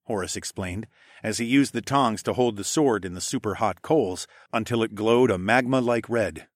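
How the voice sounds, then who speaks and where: A man narrating a fantasy audiobook in a first-person voice, putting on higher voices for the characters. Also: normal speed, no echo, clean studio sound. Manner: voices characters with raised pitch. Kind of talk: scripted narration.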